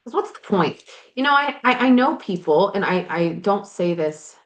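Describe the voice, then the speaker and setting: A woman with a medium-pitched, sing-song voice speaks at normal speed, a life coach and podcast host chatting frankly and animatedly while working on projects in her garage. It's candid motivational talk with the occasional swear word, and the recording has a roomy echo.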